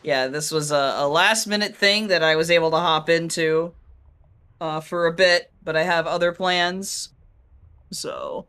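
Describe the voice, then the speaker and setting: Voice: mid-range voice, fairly even intonation, sharp tone, clear, resonant tone. A guest co-commentator on a game stream who talks casually, often restarting sentences. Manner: halting, restarts often, laughs easily.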